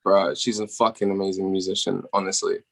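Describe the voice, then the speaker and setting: A young British man, a musician guest on a podcast, talking casually over a remote call, laid-back and quick to swear and laugh. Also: low voice, little pitch movement, vocal fry, a bit bright. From England.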